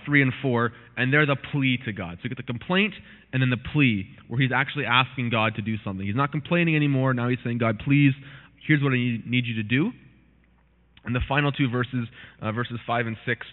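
A man gives a relaxed Bible teaching, chatting with plenty of fillers and restarts and reading scripture aloud with mounting intensity. His voice sits at an ordinary pitch for a man. The sound is thin and phone-like, with a long reverb trailing behind him. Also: fairly quick. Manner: conversational, with many fillers and restarts.

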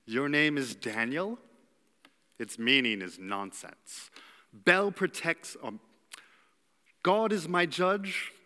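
A man's voice: fairly high pitch, sharp tone, exaggerated voice. A man doing a gloating villainous court official. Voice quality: theatrical evil old-world accent. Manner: mocking, grandiose, gloating. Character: scheming male Babylonian court official, villain. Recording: long hall reverb.

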